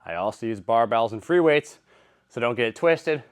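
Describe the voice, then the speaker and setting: A man's voice: medium pitch, animated, normal speed, no echo, studio quality. Winded man explaining a gym machine. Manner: breathy, puffing between sets. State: out of breath. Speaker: fitness vlogger. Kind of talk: casual workout demonstration.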